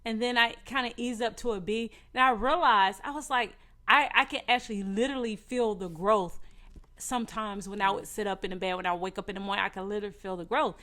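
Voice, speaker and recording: Woman podcast co-host; open, chatty storyteller who hedges and rushes her repeats. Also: medium pitch, sharp tone. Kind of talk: casual health chat.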